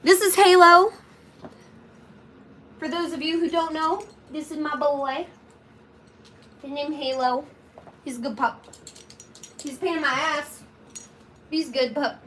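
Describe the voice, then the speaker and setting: A woman's voice: high-pitched, slow, long pauses, sharp tone, slight background noise. A young woman chatting casually on a livestream from a hotel room, thanking viewers and scolding her puppy.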